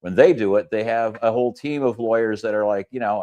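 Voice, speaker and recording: A man co-hosting a talk stream, ranting about politics in an animated way, with quick bursts and lots of "you know". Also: on the low side, muffled recording. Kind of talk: casual political rant.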